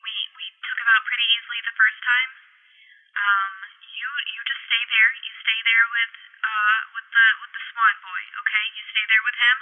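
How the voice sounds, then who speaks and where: A woman's voice: a little high, flat delivery, normal speed, soft background music, lightly acted. A woman doing a reassuring vampire dad on the phone. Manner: reassuring, protective, calls her sweetheart. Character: fatherly male vampire surgeon Carlisle. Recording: tinny phone line.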